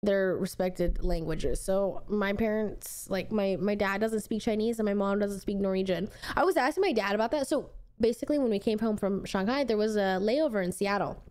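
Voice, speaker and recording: A woman's voice: medium pitch, moderate pace, hardly any pauses, a little mellow. A young woman streamer from the United States, chatting casually and rambling as she answers viewer messages.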